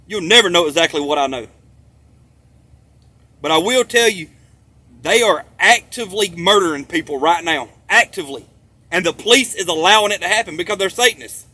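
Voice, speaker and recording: A man with a high, bright, sharp-edged voice rambles through a monologue. He hammers his points home with profanity and repetition, returning again and again to the same phrases. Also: dry recording. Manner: emphatic, profane, repeats himself for stress.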